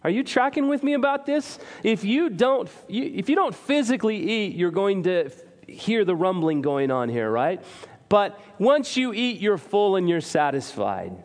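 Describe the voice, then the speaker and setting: In a church sanctuary, a male pastor with a light, high voice gives a sermon in a sing-song manner at a moderate pace. His preaching is earnest and conversational, and he pokes fun at himself. A long reverb from the hall trails his words.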